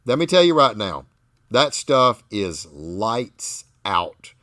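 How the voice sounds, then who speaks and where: A man hosting a barbecue talk show, telling stories with animated enthusiasm. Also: lowish voice, takes it slowly, no echo. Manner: animated, enthusiastic storytelling with frequent restarts. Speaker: podcast host. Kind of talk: casual chat.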